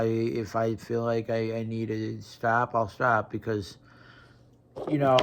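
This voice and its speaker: A man's voice: medium pitch, a bit bright. Blunt, profane young man ranting casually. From Wisconsin. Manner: blunt, profane, repetitive restarts. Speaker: vlogger. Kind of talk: casual rant to camera.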